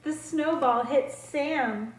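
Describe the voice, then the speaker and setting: A woman speech therapist reading picture books aloud to children, slow, clear and expressive. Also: high voice. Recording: roomy echo.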